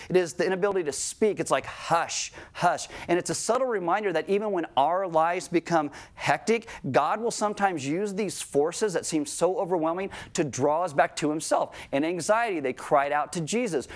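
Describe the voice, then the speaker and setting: A man preaching a sermon in a church, talking conversationally and acting out quoted voices with animation. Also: on the high side. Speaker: pastor. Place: church sanctuary.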